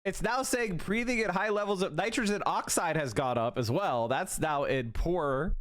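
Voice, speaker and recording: A man hosting a casual livestream, reacting to a clip with animated, self-interrupting commentary. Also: on the high side.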